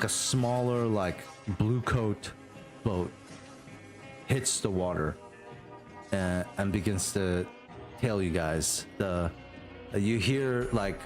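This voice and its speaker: A man narrating a tabletop game as game master, unhurried and full of fillers. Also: fairly low pitch.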